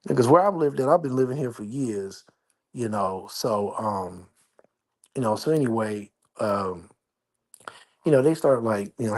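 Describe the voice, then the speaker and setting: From his apartment, a livestream host chats casually in a rambling, slangy way, keeping his voice down. His voice is mid-range with a darkish tone.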